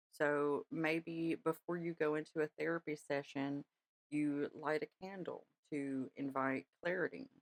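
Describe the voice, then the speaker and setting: A woman's voice: deep voice, no echo. A woman hosting a podcast in a chatty, reassuring way, often checking in with her listeners. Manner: chatty, reassuring, many "all right?" check-ins. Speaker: podcast host. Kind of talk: casual spiritual talk.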